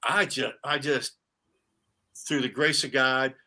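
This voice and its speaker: A middle-aged man, a retired sportscaster, telling animated stories in a casual interview, with many restarts and fillers. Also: mid-range voice, takes it slowly.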